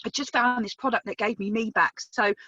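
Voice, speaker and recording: A woman's voice: a little high, fairly even intonation, fairly quick, bright, forceful tone, no echo, muffled recording. A woman in her thirties giving an emphatic, chatty testimonial on a video call, swearing casually as she tells her story. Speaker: business testimonial speaker. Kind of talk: motivational testimonial on a group call.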